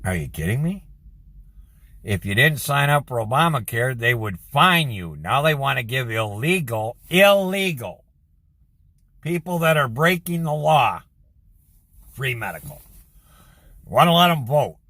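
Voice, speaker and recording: A man, possibly, delivering an angry, combative political rant that swings between low mutters and loud, high-pitched outbursts. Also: big pitch swings, measured pace, long pauses, no echo. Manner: combative, ranting, gets louder and higher when worked up. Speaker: political commentator.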